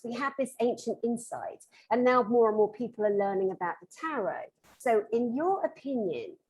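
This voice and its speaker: A woman's voice: a little high, slightly rough, low-quality recording. A woman hosting an interview over a video call, chatty and rambling with fillers, overheated in a hot room. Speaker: host. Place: hot room in a jungle house.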